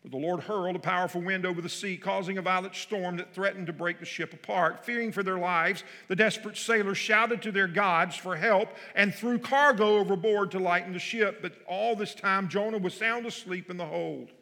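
A man's voice: high voice, moderate pace, hardly any pauses, bright, forceful tone, long reverb tail. A male pastor preaching a sermon and reading scripture, his voice swelling with emphasis on key phrases.

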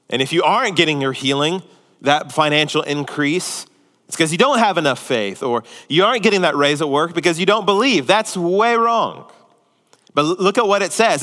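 A man preaching a sermon as pastor, animated and acting out the voices of the people he quotes. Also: fairly high pitch, big-room sound.

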